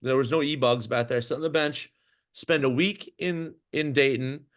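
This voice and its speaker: A man's voice: medium pitch, moderate pace. A man, a former pro hockey goalie, telling a long story in a casual interview, full of fillers and restarts. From Minnesota. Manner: animated, rambling storyteller with many fillers and restarts.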